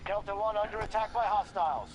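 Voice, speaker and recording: A man's voice: sits high, fast talker, crowd noise, natural voice. An actor playing an adult male soldier who gives clipped military radio callouts in a war game. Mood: terse. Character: adult male soldier calling out battle reports. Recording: noisy game audio with gunfire.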